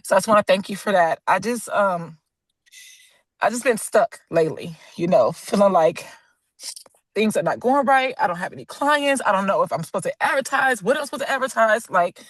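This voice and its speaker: Woman, caller, video call, emotional, halting, dry sound. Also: mid-range voice, lively intonation, dry recording. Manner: emotional, halting, near tears. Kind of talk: casual personal sharing.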